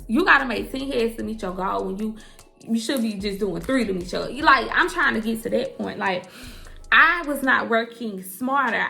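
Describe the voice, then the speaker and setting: A young woman with a slightly high voice and gravelly fry tells her story to the camera. She is blunt and emphatic, swears freely, and calls her listeners girl and y'all. Faint music plays underneath. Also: sharp tone. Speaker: hairstylist and entrepreneur.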